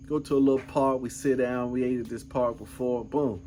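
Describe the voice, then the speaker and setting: A man's voice: medium pitch, steady tone, a little fast, few pauses, mellow, a little hiss or hum. A middle-aged man vlogging, telling a rambling, laid-back story full of asides. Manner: laid-back, rambling, peppered with "man" and "you know what I'm saying". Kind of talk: casual storytelling.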